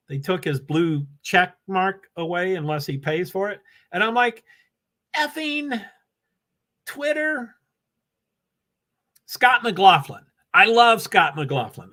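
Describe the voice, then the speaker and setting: A man's voice: a little high, bright, forceful tone. An older man hosting a casual livestream, chatting in a scattered way and reading viewer comments aloud from his laptop. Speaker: livestream host. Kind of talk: rambling casual livestream chat.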